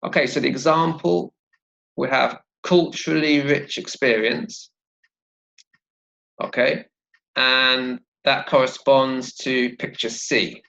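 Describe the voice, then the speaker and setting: A man's voice: mid-range voice, fairly even intonation, takes it slowly, vocal fry, pauses often, pushed and bright, poor audio. A man teaching English vocabulary and pronunciation, patiently repeating words for learners to copy. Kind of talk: slow, clear teaching with pronunciation drills.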